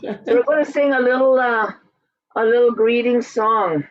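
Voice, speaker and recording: A language teacher leading an online class in a relaxed, halting way with many fillers, heard over a video call. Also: medium pitch, no echo, dull audio.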